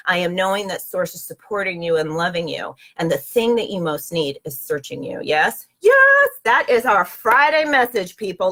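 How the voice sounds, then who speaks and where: A woman's voice: fairly low pitch, a bit bright. A woman hosting a spiritual motivational talk, speaking earnestly and straight to her listeners, repeating affirmations. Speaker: inspirational host.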